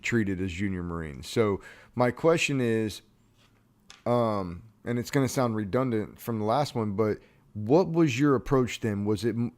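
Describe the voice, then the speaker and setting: A man's voice: mid-range voice, darkish tone. A man hosting a podcast, asking probing questions and rephrasing them as he goes. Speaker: podcast host. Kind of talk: casual podcast interview.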